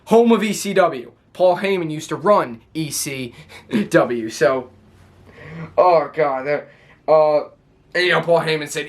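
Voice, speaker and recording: A young man with a notably high-pitched voice recaps a wrestling broadcast to his viewers. He rambles excitedly, laughs often and keeps restarting his sentences as he goes. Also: measured pace. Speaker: wrestling show reviewer. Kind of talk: excited casual recap to camera.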